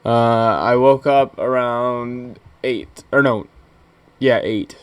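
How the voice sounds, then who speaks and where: A young man in casual, crude podcast banter. His pitch sits in the middle range and his telling wanders, full of fillers and restarts. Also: fairly even intonation, smooth, dry recording. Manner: rambling, halting with many fillers and restarts. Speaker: podcast co-host.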